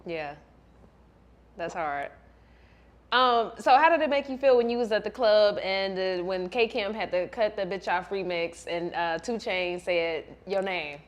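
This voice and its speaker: A woman's voice: medium pitch, a little slow. A woman hosting a casual interview, asking questions and answering often with short slang affirmations. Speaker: interviewer host.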